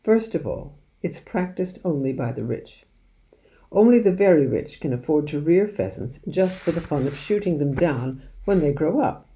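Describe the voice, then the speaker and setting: A woman reading aloud, voicing a lively, mischievous village father who loves poaching and shares his secrets. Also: deep voice, normal speed. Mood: scornful. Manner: animated, conspiratorial, drops to hushed secrecy.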